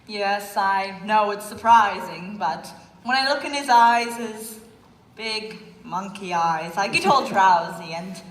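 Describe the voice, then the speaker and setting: A woman's voice: medium pitch, takes it slowly, a bit bright. A woman playing a languid, worldly chaperone with a dry theatrical manner in a stage musical. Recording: echoey hall, live stage.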